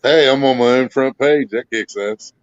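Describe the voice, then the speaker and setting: A man's voice: mid-range voice, moderate pace, no echo. A man hosting a livestream, chatting casually and swearing freely as he talks to chat and a friend. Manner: profane, laid-back banter. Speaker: livestream host. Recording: dull, dry lo-fi stream audio.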